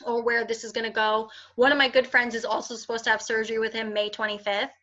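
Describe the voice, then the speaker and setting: A woman's voice: a little high, level tone, fast talker, sharp tone. A woman in her twenties, a podcast guest, talking candidly with lots of fillers and restarts. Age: 20s. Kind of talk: casual interview conversation. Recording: dull lo-fi sound.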